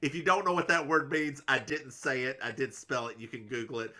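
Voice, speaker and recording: A man's voice: mid-range voice, steady tone, fairly quick, bright, forceful tone. A man from the American South co-hosting a casual recap podcast, snarky and laughing often, with stumbling restarts. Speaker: podcast co-host.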